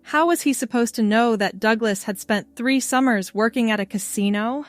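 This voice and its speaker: Even-voiced woman storyteller, very dry sound. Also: fairly high pitch, normal speed, no echo, faint music behind. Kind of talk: scripted narration.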